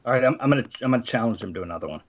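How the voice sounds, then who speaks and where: A man playing a tabletop game, stating his character's actions in a halting way with repeated words. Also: medium pitch, animated, dull audio. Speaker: player.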